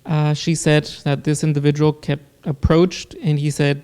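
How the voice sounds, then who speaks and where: A man, a podcast guest, earnestly telling a personal story in casual talk, with halting restarts. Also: a little high, little pitch movement, dark tone, clear, resonant tone. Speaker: guest, producer.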